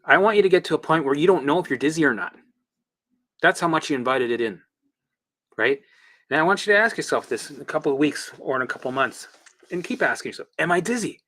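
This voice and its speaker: A man's voice: a little high, expressive, quick pace, fairly bright tone. A man talking casually as a recovery coach, blunt and swearing freely, acting out his own past reactions. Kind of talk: casual monologue.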